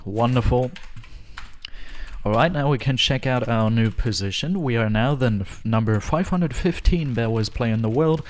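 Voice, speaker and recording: Alone in a room at home, a man streams a game live, chatting loosely and joking with his viewers while chuckling often. His voice sits at a medium pitch and moves at a moderate pace.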